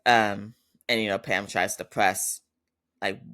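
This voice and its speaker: A man's voice: lowish voice, steady tone, slow, pushed and bright. A man hosting a podcast, giving a chatty casual recap and quoting characters in his own voice. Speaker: podcast host.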